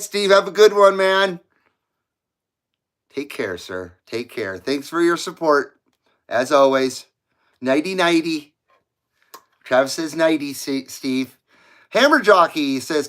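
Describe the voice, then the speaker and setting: Man, live stream host, casual rambling chat, reads comments aloud, laughs a lot, slightly high voice. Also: fairly bright tone. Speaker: livestream host reading viewer chat.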